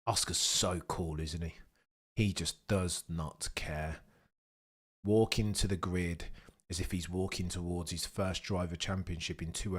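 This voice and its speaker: A British man with a fairly low voice hosts a live race watchalong, talking straight to his viewers. He is cheeky and chatty. He flips between loud, excited bursts and low, muttered asides. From United Kingdom. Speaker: livestream host.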